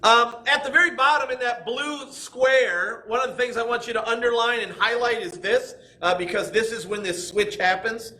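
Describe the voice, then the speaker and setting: A man teaching a classroom Bible lesson, animated and acting out quoted voices as he explains. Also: extremely high pitch, normal speed, few pauses. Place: church school classroom.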